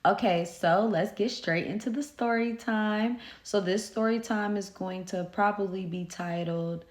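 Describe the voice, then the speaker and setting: A woman's voice: medium pitch, unhurried. A young woman telling a story to her phone camera, chatty and loose, swearing freely and filling with "like" and "you know". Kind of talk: casual storytime vlog. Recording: roomy phone recording.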